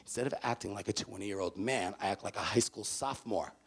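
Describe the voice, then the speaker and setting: A man giving an animated storytelling talk to parents at a university event, swinging between loud bursts and hushed moments. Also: fairly low pitch, brisk, slightly rough. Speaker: speaker addressing parents. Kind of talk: storytelling motivational speech.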